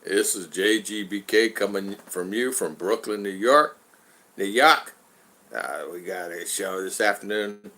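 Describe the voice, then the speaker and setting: A man putting on a quick impression of a viewer, announcing a show slowly. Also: lowish voice, bright, forceful tone, pitched below the performer's own voice.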